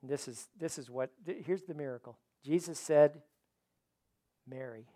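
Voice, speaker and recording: A man preaching a sermon in an auditorium, building to loud declarations and dropping to quiet appeals, sometimes repeating words as he goes. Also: on the high side, unhurried. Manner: preaching with rising and falling intensity, repeats words. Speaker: pastor.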